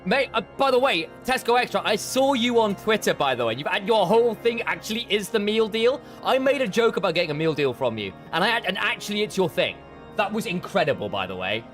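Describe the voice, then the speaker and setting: Jokey game streamer, animated delivery, soft music under. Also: male voice, high-pitched, fairly quick. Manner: jokey, rambling, laughs often. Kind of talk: casual gameplay stream chat.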